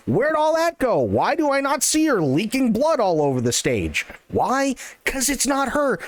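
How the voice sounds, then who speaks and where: A male streamer rants in a sarcastic, swear-heavy style on a live stream, his voice pitched high and swinging widely up and down. The sound is close and dry, with no room echo. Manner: profane, sarcastic, animated ranting. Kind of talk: casual ranting chat.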